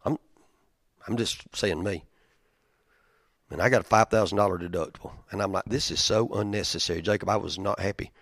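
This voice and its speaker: Pastor with a dry sound. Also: male voice, a little fast, creaky, pauses often, no room sound. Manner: conversational, storytelling with big swings in loudness and pitch. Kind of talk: sermon.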